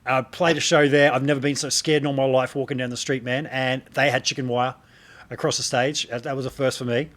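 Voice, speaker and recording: A man's voice: mid-range voice, flat delivery, fairly quick, fairly bright tone. Chatty Australian man hosting a podcast. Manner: rambling anecdotal storyteller, chuckles often. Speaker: podcast host. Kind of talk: casual chat.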